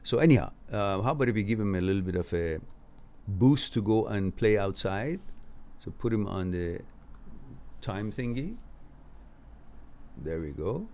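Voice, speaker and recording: Male streamer host, lowish voice with a lively swing, casual chat reading viewer comments, faint background noise. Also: normal speed. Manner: reads out chat comments and replies, laughs easily. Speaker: livestream host answering viewer questions.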